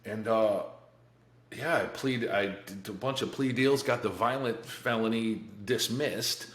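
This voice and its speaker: In a roomy, echoing recording, a man in his forties tells his life story on a podcast, speaking bluntly and profanely. His voice is on the low side and a bit bright, his pace unhurried, and he restarts often and laughs briefly.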